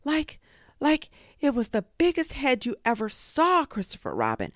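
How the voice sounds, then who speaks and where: A woman voicing a small, timid male piglet in a storybook reading, with squeaky, breathless, stammering cries. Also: huge pitch swings, moderate pace, dry recording, studio quality. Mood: panicked.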